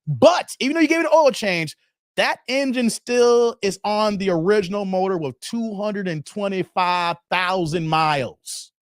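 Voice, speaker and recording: High-voiced man chatting on a dry mic. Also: a little slow, no room sound. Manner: loose, joking, laughs often, calls viewers "man". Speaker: livestream host reading chat. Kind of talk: casual livestream chat.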